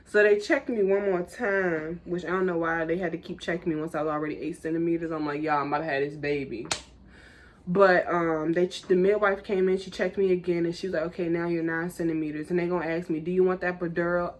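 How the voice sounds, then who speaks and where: A young woman tells a personal story straight to her viewers. Her delivery is casual and animated, full of fillers and asides to the audience. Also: on the low side, fast talker. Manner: chatty, animated, lots of "like" and "y'all". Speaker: vlogger.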